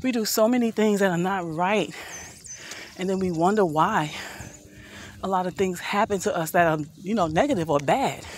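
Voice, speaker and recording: A woman's voice: lowish voice, moderate pace. Woman, fifties, out of breath, earnest and preachy, walking uphill outdoors, phone mic, faint noise behind. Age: 50s. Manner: preachy, earnest, addresses viewers as family. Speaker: vlogger. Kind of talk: motivational walk-and-talk vlog.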